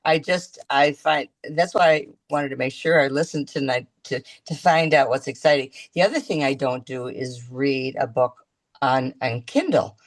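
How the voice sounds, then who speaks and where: A woman talking as a guest in a casual video-call chat, chatty and halting, restarting her sentences often. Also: rumbling low, steady tone.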